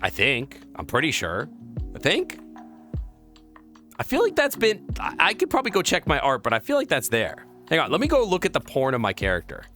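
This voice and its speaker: A playful young man talks loosely on a live stream, rambling through viewer messages. His pitch bounces all over the place and keeps jumping into squeaky high exclamations. Faint music plays underneath. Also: a bit bright. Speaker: VRChat streamer.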